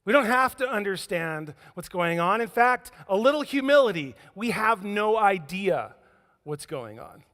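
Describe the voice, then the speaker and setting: A man's voice: sits high, sing-song, measured pace, fairly bright tone. A man preaching a sermon as pastor, telling stories with humor and acting out the scenes. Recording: echoey church hall.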